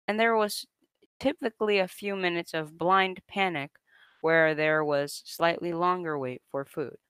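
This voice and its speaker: A man's voice: on the high side, fairly even intonation, measured pace, sharp tone, clean tone, no echo. A young man casually reading an online story aloud to a co-host, often breaking into laughter as he reads.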